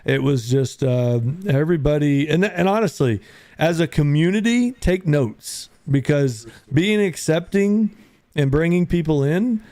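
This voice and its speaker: A man's voice: on the high side, expressive, unhurried, darkish tone, no room sound. Laid-back man hosting a casual chat. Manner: laid-back, rambling, says "dude" a lot; greets listeners by name as they join. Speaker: host of a live audio chat room.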